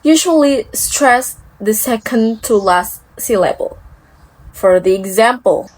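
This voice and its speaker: A woman's voice: a little high, expressive, slow pace, no echo, low-quality recording. A young woman whose first language is Indonesian gives a class presentation, hesitant and repeating example words. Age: young adult. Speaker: student presenter. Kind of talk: class presentation on word stress.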